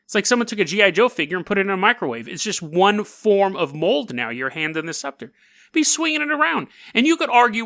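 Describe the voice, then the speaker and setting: A man's voice: high voice, sing-song, fast talker, creaky, fairly bright tone, no room sound, studio quality. A man hosting a podcast, telling a story casually and sarcastically, with joking asides. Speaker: podcast host.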